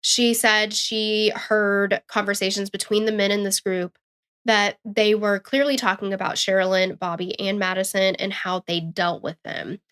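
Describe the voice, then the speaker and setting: Woman, podcast co-host, true-crime narration, matter-of-fact, mid pitch. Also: steady tone, normal speed, fairly bright tone, smooth.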